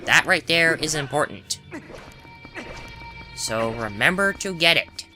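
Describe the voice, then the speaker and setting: A man's voice: a little high, lively intonation, takes it slowly, pushed and bright. A man giving casual, chatty commentary over a game walkthrough, correcting himself often and adding wry asides. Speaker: gameplay commentator. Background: game music.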